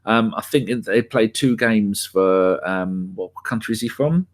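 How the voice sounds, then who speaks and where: A man's voice: lowish voice, a little slow. A man on a fan podcast chatting casually about football, rambling with frequent restarts. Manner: rambling, full of restarts and fillers. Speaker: podcast co-host.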